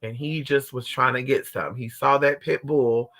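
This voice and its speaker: A man's voice: fairly even intonation, normal speed, fairly bright tone. A man talking to his viewers in a brash, profane, dramatic way, acting out the people and dogs in his story. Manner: swings between high squeals and low mutters. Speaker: livestream host.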